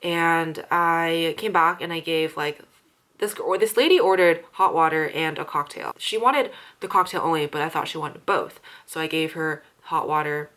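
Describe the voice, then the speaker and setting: Young woman vlogger, lower register, frustrated profane rant about her server job. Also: moderate pace, a bit bright. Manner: frustrated ranting, heavy swearing and fillers. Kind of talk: casual chat.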